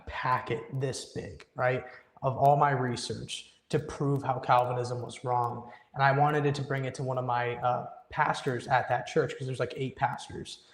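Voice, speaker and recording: A man's voice: mid-range voice, little pitch movement, moderate pace. A young man earnestly telling a personal story as a guest in an interview, often quoting his own past thoughts with emphasis. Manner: earnest, emphatic storytelling with quoted inner speech. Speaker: guest musician. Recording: echoey room with long reverb.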